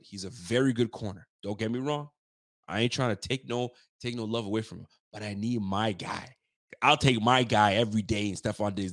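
A man hosting a casual sports talk livestream, swearing freely and getting worked up, his voice jumping high when he's fired up. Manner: animated, profane trash talk; pitch swings up when fired up. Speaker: sports talk show host.

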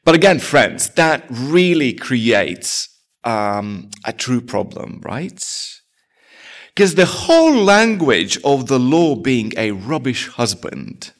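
A male pastor delivering a sermon with a lively, swooping delivery. He speaks slowly and deliberately, tossing rhetorical questions out to his listeners. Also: medium pitch. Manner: animated, rhetorical questions to the congregation.

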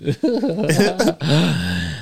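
Slow, hesitant man. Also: a little high, sing-song, creaky, slightly rough, no echo. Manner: slow, hesitant, jokey storytelling with many fillers. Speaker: guest. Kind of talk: casual podcast chat.

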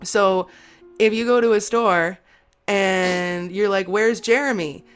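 A woman's voice: mid-range voice, fairly even intonation, slow, clear, resonant tone, faint music behind. A woman hosting a podcast in casual chat, self-mocking and laughing often. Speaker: podcast host.

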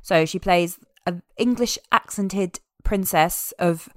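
A woman chatting casually as a podcast co-host, animated and amused as she recaps a film. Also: lowish voice, slow pace, no room sound, clean studio sound. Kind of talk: casual chat.

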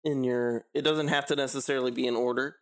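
A man's voice: mid-range voice, steady tone, quick pace. A man running a tabletop game as game master, joking and laughing often. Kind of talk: casual tabletop game chat.

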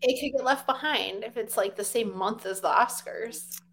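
A woman's voice: fairly high pitch, normal speed, a bit bright. A young woman in casual chat as a podcast co-host, chatty with lots of fillers.

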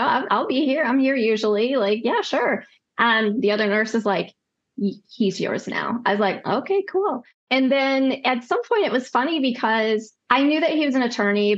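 A woman nurse practitioner telling a story casually, acting out quoted dialogue with lively voices. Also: medium pitch, lo-fi sound.

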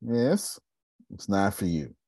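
Male host, husky and dry, blunt motivational talker who repeats himself and swears. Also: on the low side, sing-song, takes it slowly, warm tone, dry recording. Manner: blunt, repetitive, swears freely; addresses listeners by name. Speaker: host of a coaching meeting. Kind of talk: casual motivational talk.

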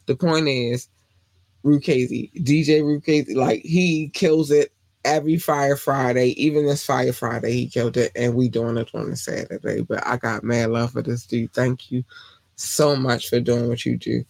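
A man hosting a casual live-stream podcast, talking loosely and gushing through shout-outs to listeners, sometimes jumping into squealed high greetings. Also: steady tone, moderate pace, vocal fry, dry recording. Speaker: podcast host.

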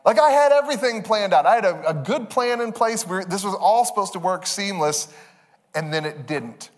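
Animated preacher telling a story. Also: male voice, high-pitched, normal speed. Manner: animated, self-deprecating storytelling with laughs. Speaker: pastor. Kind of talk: sermon. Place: church sanctuary. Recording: long reverb of a large hall.

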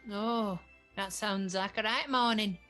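A woman's voice: mid-range voice, a little slow, fairly bright tone, faint music behind, voice pushed up, lightly acted. A woman voicing a kindly, fussing old grandmother mushroom who calls everyone love. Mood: cheerful.

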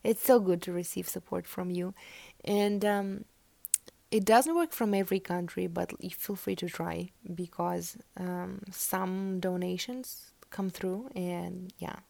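A woman's voice: fairly low pitch, fairly even intonation, measured pace, dry recording. A woman, not an English speaker, giving a casual spoken tarot reading, rambling with fillers and correcting herself, often near a whisper. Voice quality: gravelly, soft near-whispered stretches. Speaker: tarot reader podcast host.

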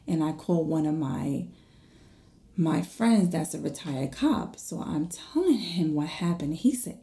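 A woman in her thirties casually telling viewers a story, animated, acting out the voices and dropping into whispers. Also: on the low side, gravelly. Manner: animated, acts out her own and others' voices, drops to whispers.

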